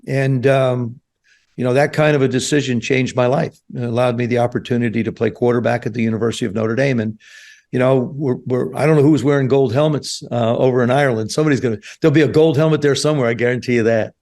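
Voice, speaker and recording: Man in his seventies, from New Jersey, podcast guest, animated storyteller, average pitch. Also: fast, vocal fry. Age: 70s. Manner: animated storyteller, acts out quoted voices. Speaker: guest, former quarterback. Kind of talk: storytelling interview. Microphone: podcast studio mic.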